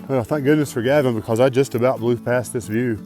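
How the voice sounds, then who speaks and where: A man's voice: medium pitch, a little fast, a little mellow, soft background music, rough recording. A man talking to camera as a thru-hiker vlogger outdoors on a mountain trail, upbeat, grateful and chatty, recorded on a handheld phone. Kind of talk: casual outdoor vlog talk to camera.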